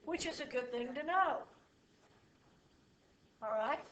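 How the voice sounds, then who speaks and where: High-voiced woman teaching slowly. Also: lively intonation, a bit bright. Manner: slow, checking in with students often. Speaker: math teacher. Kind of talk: classroom lecture. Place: classroom. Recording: echoey room from far off.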